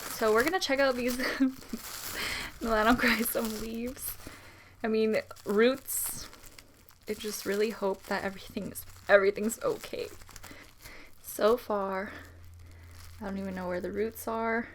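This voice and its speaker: A young woman chatting to her viewers as she unboxes, her fairly high voice unhurried yet full of nervous, giggly excitement. Faint background noise and the crinkle of packaging sit behind her. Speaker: plant vlogger. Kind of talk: casual unboxing vlog.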